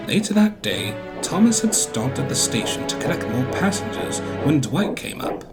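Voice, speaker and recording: A man narrating a children's storybook about trains, in an animated way. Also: a little high, moderate pace. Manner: animated, with a different voice per character. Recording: music bed under the voice.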